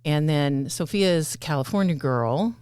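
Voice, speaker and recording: A woman's voice: low-pitched, moderate pace, darkish tone, smooth, no echo, studio quality. An American woman hosting a casual podcast, talking in a chatty, rambling way with many fillers. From United States. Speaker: podcast host.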